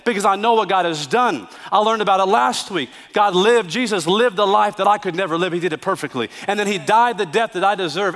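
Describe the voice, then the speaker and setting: Male pastor, light-pitched, preaching in a big echoing sanctuary; humorous stories, hushed then emphatic. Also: fairly quick, hardly any pauses. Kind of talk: sermon. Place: church sanctuary. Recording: church sanctuary with long reverb.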